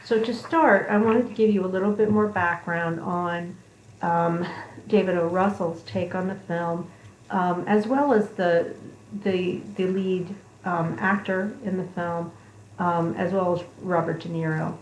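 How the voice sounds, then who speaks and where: A woman instructor giving a conversational lecture, pausing often with ums. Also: fairly low pitch, fairly even intonation, a little hiss or hum. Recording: echoey room.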